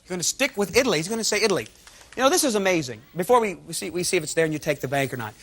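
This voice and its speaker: A man's voice: sits high, expressive, rapid-fire. A man hosting a game show, joking and teasing contestants. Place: television studio with audience. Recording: loud studio audience and noise.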